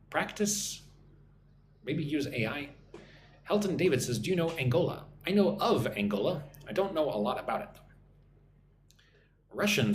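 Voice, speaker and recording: A man's voice: a little high, a little hiss or hum. Chatty American man teaching English live. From United States. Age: 40s. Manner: chatty, reads viewer comments aloud and answers them. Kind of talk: live-stream English lesson.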